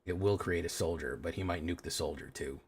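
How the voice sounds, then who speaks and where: A man's voice: low voice, brisk, husky. Rambling man streaming a card game. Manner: rambling, talkative, answering chat questions. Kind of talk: casual gameplay commentary, chatting with viewers.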